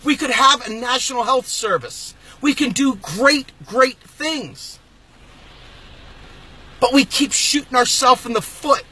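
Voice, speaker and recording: A man hosting his own political channel, delivering an angry, emphatic rant and sometimes shouting. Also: very high-pitched, takes it slowly, slightly rough. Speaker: host of a political video channel. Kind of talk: impassioned political rant to camera.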